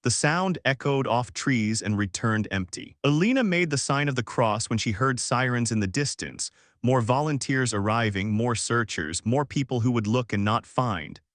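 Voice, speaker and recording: A man narrating a scripted story in a somber, measured way. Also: medium pitch, fairly bright tone, no room sound, studio quality.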